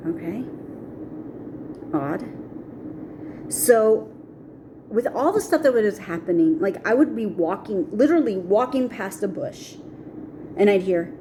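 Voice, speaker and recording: A middle-aged woman vlogger with a medium-pitched voice tells a personal story against a noisy background. She's animated and acts out the voices of the people she quotes.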